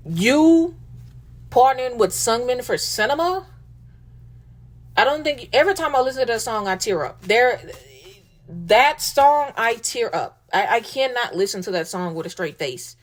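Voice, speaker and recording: A woman's voice: a little high, sing-song, unhurried, long pauses. Emphatic woman talking from the heart. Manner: emotional, emphatic, repeats lines, swears casually. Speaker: host. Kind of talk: heartfelt casual monologue.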